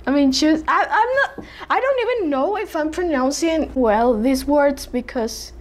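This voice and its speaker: Mexican lady vlogging, high voice, slow careful tongue twisters, keeps tripping and restarting. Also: animated. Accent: Mexican Spanish. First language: Spanish. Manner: stumbling, self-correcting, giggly. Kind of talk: casual tongue-twister attempts.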